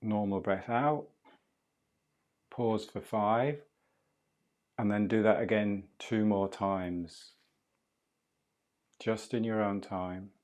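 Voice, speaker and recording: A man leading a guided breathwork class, speaking slowly, softly and calmly. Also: on the low side. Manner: slow, soft and calm guidance. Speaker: breathwork instructor.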